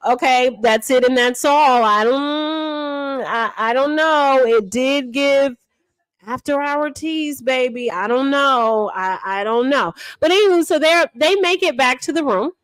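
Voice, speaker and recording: A woman, a mother, chatting casually as she recaps online drama in an animated, repetitive, slangy way. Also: high voice, a little slow, clean tone, no room sound. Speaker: livestream drama commentator.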